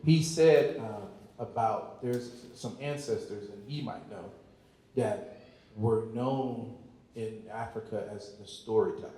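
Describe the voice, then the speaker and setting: A man, a filmmaker on a panel, speaking earnestly to a live audience and often pausing to search for words. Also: fairly low pitch, dark tone. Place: large hall at a community event. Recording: very echoey hall.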